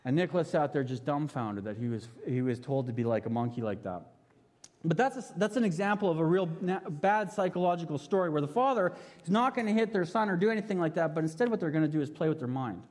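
A thirty-something man preaches fast, his fairly high voice darkish in tone with lively intonation. He animatedly tells a story within the sermon and puts questions to listeners, and the recording carries long hall reverb.

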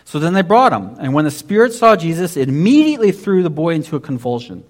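A man's voice: fairly high pitch, big pitch swings, fast talker. A man preaching a sermon in a conversational way, often restarting and saying "basically". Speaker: pastor.

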